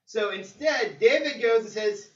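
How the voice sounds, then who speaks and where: A male preacher delivering a sermon, telling the story in a lively way with acted-out quotes. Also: high-pitched, a little slow. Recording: roomy, distant, dull sermon recording.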